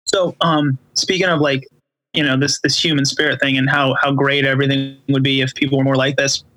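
A man guesting on a podcast over a remote call, telling a heartfelt story in casual chat with halting speech and many restarts. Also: mid-range voice, little pitch movement, bright, forceful tone, no room sound, rough recording.

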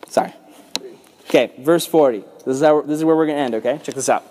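Brief: youth pastor, male, slightly high voice, lively casual preaching, faint background hiss. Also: fast talker. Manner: casual, animated preaching to young people. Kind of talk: sermon.

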